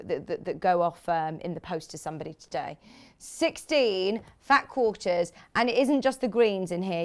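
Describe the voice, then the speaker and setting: Brief: woman TV shopping presenter, enthusiastic and chatty, banters with crew, mid pitch. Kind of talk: live TV sales presentation.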